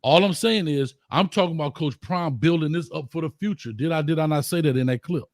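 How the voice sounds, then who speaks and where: A man co-hosting a heated sports debate, interrupting and pressing his points, at times shouting. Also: on the high side, a little fast, no room sound, studio quality. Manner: argumentative, interrupting, rising to shouts. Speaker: co-host.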